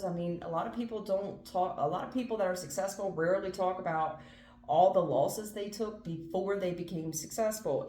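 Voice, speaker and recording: A woman's voice: on the low side, a little mellow, reverberant, a little hiss or hum. A woman doing a casual tarot reading, earnest and emphatic, repeating phrases and swearing now and then. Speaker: tarot reader.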